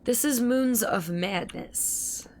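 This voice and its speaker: On the high side and slow, a woman's voice offers casual gameplay commentary as she streams. She's recovering from a cold, so her voice lacks full strength, yet she keeps chatting, rambling, and talking to chat.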